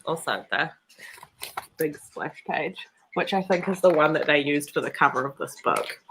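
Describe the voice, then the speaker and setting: A woman in her thirties with a New Zealand accent co-hosts a casual comics chat on a podcast, sounding chatty and upbeat with lots of fillers. Her slightly nasal voice is low-pitched and expressive at a moderate pace, over a noisy background.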